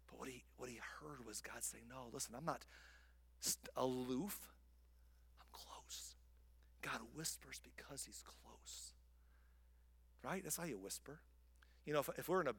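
Preaching man, loud then whispered. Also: mid-range voice, slightly rough. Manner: swings from loud emphatic lines to soft whispers. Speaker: pastor. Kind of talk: sermon. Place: church sanctuary.

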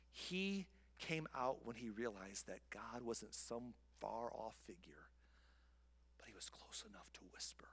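A male pastor preaching a sermon, swinging from loud emphatic lines down to soft whispers. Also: on the high side. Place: church sanctuary.

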